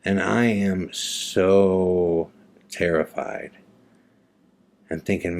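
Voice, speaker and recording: A man with a very low, deep voice recounts a personal story as a podcast host. He talks loosely and conversationally, often restarting sentences and leaning on fillers. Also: normal speed.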